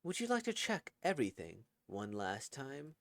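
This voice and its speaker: A man's voice: medium pitch, huge pitch swings, moderate pace, no echo. Stilted, robotic game AI assistant, polite and formal, evenly paced as voiced by a man.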